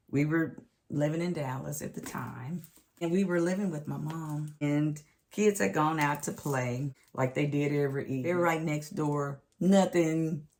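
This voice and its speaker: A middle-aged woman, telling a family story in a casual, animated, expressive vlog. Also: low-pitched, creaky. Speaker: vlog host.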